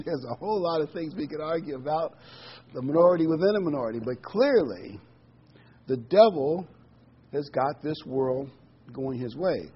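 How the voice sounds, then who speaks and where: Reading scripture and thinking out loud, a middle-aged or older man preaches a relaxed, rambling sermon full of ums and restarts. His voice is fairly high and slightly rough. The sound is lo-fi.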